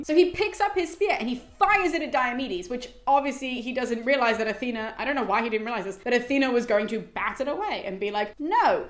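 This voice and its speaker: Chatty young woman summarizing a book. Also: fairly high pitch. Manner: chatty, animated, many fillers. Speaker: host. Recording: roomy echo.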